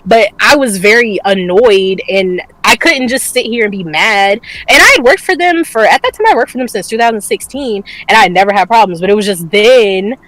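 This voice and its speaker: A woman in casual conversation, telling her story with frank, profane humor and frequent laughter. Her voice sits at an ordinary pitch. It is recorded dry, with little room sound. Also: animated, fairly quick, hardly any pauses, fairly bright tone, no room sound, low-quality recording. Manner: candid storytelling, swears freely, laughs often. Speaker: podcast co-host. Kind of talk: casual chat.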